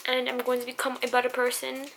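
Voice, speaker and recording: A woman's voice: high voice, completely flat delivery, quick pace, creaky, fairly bright tone. A young woman telling her personal story in a rambling, emotional vlog, with many fillers and restarts. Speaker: vlogger. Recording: echoey room with faint background noise.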